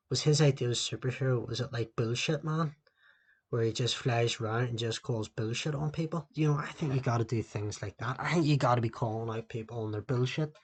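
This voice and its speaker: A man's voice: mid-range voice, breathy edge. A man hosting a podcast on his own, talking into a laptop indoors in a rambling, loosely ranting way and swearing constantly. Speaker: podcast host. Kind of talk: solo podcast rant. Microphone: laptop microphone.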